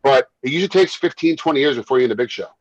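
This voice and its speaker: A man who works as a fight referee and once fought himself, telling stories in a casual interview, animated and quick to repeat himself and laugh. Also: medium pitch, dry recording, muffled recording. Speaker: MMA referee and former fighter.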